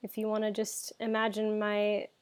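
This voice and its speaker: A woman's voice: mid-range voice, completely flat delivery, normal speed. A woman with an American accent, a podcast guest, chatting playfully and giggling. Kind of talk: casual podcast chat.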